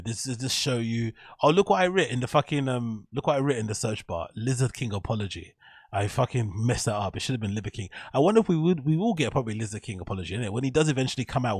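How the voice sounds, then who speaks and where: A man's voice: medium pitch, a little mellow, husky, no room sound, clean studio sound. A man giving rambling, profane reaction commentary as host, laughing often.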